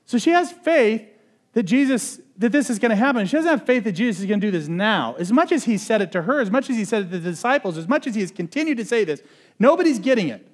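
A high-voiced man preaching a casual, conversational sermon. He swings from loud, pressing emphasis to hushed, intense asides and sprinkles in "like" as he talks. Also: lively intonation, quick pace. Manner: conversational, uses "like" often. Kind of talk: expository sermon.

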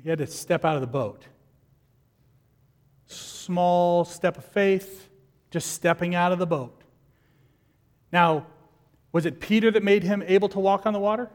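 A man preaching a sermon as pastor, lively and animated, acting out the people in his stories. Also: high-pitched, unhurried, long pauses, in a large hall.

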